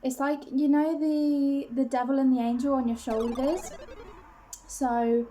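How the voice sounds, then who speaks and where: A woman's voice: high-pitched, little pitch movement, measured pace, warm tone. A young woman vlogging at home, talking openly to camera in a rambling, self-conscious way with lots of fillers and restarts. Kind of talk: casual confessional chat to camera.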